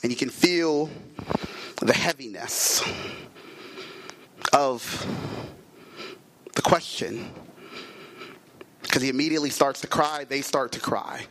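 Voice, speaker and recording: A man preaching a sermon in a rhythmic cadence, repeating phrases, stretching key words and sometimes shouting. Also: medium pitch, slow pace, long pauses, rough recording.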